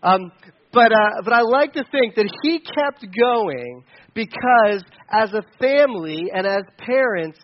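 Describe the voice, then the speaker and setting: A man, a pastor, preaching a sermon and telling a personal story in an animated way, with many restarts. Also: sits high, dull audio.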